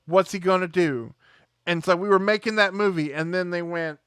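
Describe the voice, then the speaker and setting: A man with a high, smooth, resonant voice rambles through a film review in casual chat. He is sarcastic and keeps slipping into voices to act out scenes. The sound is close and dry. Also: normal speed, fairly bright tone, dry recording. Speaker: movie review show host.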